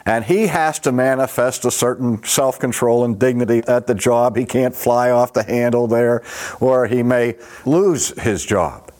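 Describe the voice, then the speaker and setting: A man giving a teaching lecture, speaking deliberately and posing rhetorical questions to his listeners. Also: medium pitch, darkish tone.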